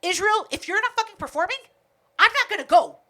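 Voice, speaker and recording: A woman's voice: very high-pitched, animated, fairly quick, pushed and bright. A woman co-hosting a podcast, retelling a night out in a casual, profane chat full of quoted back-and-forth. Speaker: podcast co-host.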